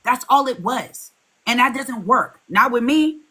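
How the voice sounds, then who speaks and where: A woman's voice: on the high side, animated, a little slow, pushed and bright, slight background noise. A woman arguing firmly and pointedly on a live call, holding her ground over interruptions. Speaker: streamer, panel guest. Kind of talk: heated argument on a live call.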